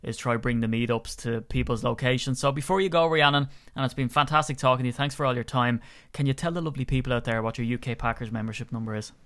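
Chatty Irish man, smooth clear voice. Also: medium pitch, quick pace, fairly bright tone, no echo. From Ireland. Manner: chatty, rambling, jokey. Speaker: podcast co-host. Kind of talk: casual podcast chat.

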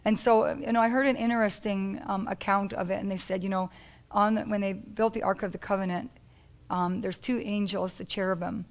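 A woman's voice: mid-range voice, steady tone, brisk, poor audio. A woman preaching a sermon in church, emphatic and repetitive, calling out to the congregation.

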